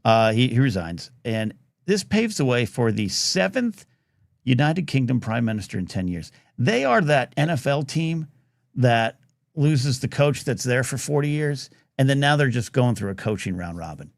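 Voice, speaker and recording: Male talk host, gravelly and animated, rambling casual delivery, dry close sound. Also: mid-range voice, moderate pace, dry recording. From United States. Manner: animated, rambling, reads out chat comments. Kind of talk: casual live talk radio chat.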